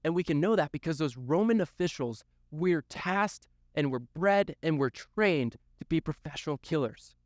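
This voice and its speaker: A man's voice: on the high side, no echo, clean studio sound. A man giving a youth sermon, telling the story earnestly, with lots of repetition for emphasis. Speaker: youth pastor.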